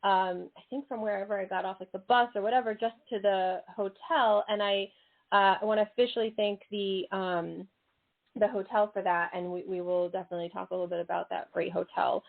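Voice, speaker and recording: A woman's voice: medium pitch, steady tone, fairly quick, vocal fry. A woman hosting a radio show in casual interview chat, bubbly and chatty with frequent laughs and exclamations. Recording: tinny phone-like line.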